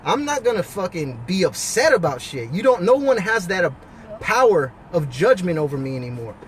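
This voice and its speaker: A man with a notably high-pitched voice talks straight to the listener in a blunt, profane, preachy monologue. He speaks outdoors, with faint traffic noise humming behind him. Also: sing-song, moderate pace. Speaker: husband and father giving life advice. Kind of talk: casual monologue to camera.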